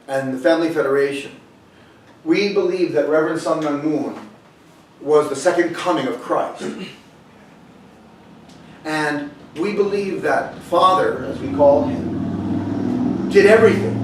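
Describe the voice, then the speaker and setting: A man's voice: on the high side, a little hiss or hum. Echoey far-off male preacher. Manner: conversational, retelling scripture with restarts. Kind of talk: sermon. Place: sanctuary hall.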